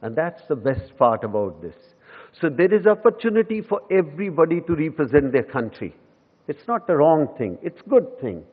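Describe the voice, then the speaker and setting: A man's voice: fairly high pitch, big pitch swings, moderate pace. An Indian man in his fifties tells stories from a lectern in a big echoing hall. The sound is thin and tinny, as if heard over a phone line. He speaks with an Indian English accent, mocks himself cheerfully and mixes in Hindi phrases. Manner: anecdotal and self-mocking, slipping into Hindi. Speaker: guest lecturer. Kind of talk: humorous public lecture. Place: lecture hall.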